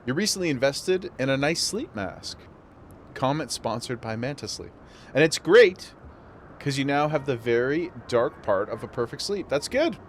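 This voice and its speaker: A man's voice: medium pitch, big pitch swings, moderate pace, slight background noise. A man streaming a game, chatting casually with viewers and laughing often. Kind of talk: casual live-stream chat while gaming.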